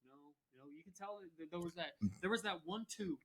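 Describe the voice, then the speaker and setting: A man co-hosting a sports podcast, talking quickly in a slightly higher voice. He agrees a lot, laughs often and fills his speech with um and uh. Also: fairly bright tone, low-quality recording. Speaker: podcast co-host. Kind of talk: casual sports chat. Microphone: remote recording.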